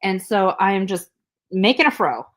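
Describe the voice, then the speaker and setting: Speaking at a normal speed in a mid-range voice, this woman co-hosts a podcast and tells a lively, casual story. She laughs a lot and imitates the people she quotes.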